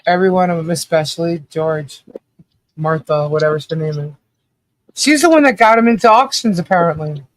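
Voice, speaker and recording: Talking fairly quickly, a man with a strikingly high voice rants bluntly and curses freely during a casual livestream commentary. He stays offhand and conversational, stopping between points to read viewer chat comments aloud.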